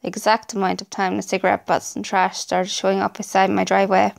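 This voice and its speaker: Gravelly woman narrating creepy stories. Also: medium pitch, level tone, quick pace. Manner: dramatic storytelling. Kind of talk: scripted narration.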